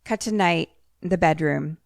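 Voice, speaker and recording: A young adult woman co-hosting a podcast, retelling a film plot in a casual, animated way. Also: low-pitched, normal speed, no echo, studio quality. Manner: animated storytelling, acts out quoted lines. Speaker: podcast co-host.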